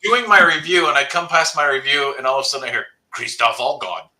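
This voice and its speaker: A man's voice: a little high, fast, pushed and bright, low-quality recording. A man, a paranormal investigator, telling blunt, swearing stories in a casual panel chat over a video call. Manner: blunt storyteller, swears freely.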